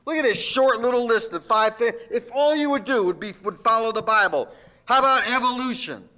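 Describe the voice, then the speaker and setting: A man's voice: very high-pitched, a little fast, bright, forceful tone. A man, a pastor, preaching a sermon in a folksy, emphatic way with jokes.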